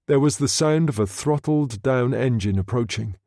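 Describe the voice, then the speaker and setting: A man narrating an audiobook in a measured, steady reading. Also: mid-range voice, no room sound, clean studio sound. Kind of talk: scripted narration.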